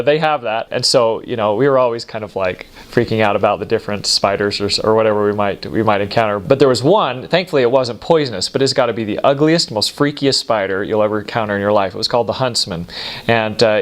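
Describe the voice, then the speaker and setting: A middle-aged man from the United States talks in a relaxed, rambling way about his time abroad. He fills his speech with "you know" and "uh", restarts his sentences, and chuckles at his own stories. His voice sits at an ordinary, mid-range pitch for a man. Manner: rambling with many fillers and restarts, laughs at himself. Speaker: storyteller recalling life abroad. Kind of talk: casual anecdotal monologue.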